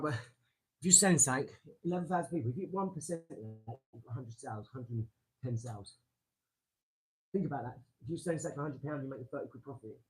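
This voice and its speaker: A man hosting a casual live stream from his garage, rambling excitably and talking straight to his viewers. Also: mid-range voice, poor audio. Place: home garage.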